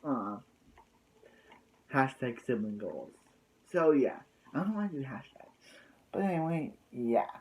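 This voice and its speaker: A man's voice: medium pitch, big pitch swings, normal speed, poor audio. A man casually recapping a TV episode, rambling with constant fillers and restarts. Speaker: TV episode reviewer.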